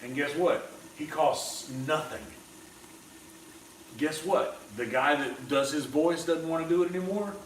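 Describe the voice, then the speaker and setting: A man's voice: on the high side, measured pace. Guy rambling on his cooking stream, cussing a bunch, kinda far from the mic in an echoey room. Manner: rambling, profane, opinionated. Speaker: streamer host. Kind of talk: casual chat on a cooking livestream. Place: indoor kitchen. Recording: roomy, off-mic, faint background hum.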